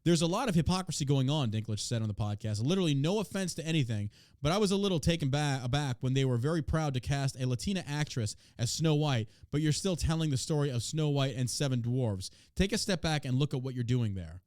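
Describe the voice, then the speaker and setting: A man's voice: medium pitch, lively intonation, fast, hardly any pauses, a little mellow, dry recording, studio quality. A man hosting a podcast in casual chat, brash, profane and mocking as he reacts to the news and to his chat. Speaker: podcast host.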